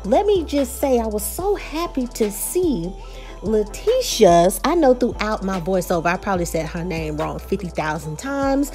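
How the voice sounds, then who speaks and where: A woman's voice: mid-range voice, sing-song, moderate pace, darkish tone, soft background music. A woman with a Texas accent recapping and reviewing a reality show, chatty and opinionated, talking straight to her viewers. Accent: Texan.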